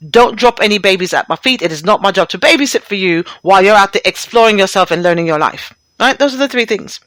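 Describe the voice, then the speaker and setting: A woman's voice: medium pitch, animated, fast, a bit bright, dry recording. A middle-aged woman hosting a talk radio show, chatting bluntly and profanely and laughing often as she reads and riffs.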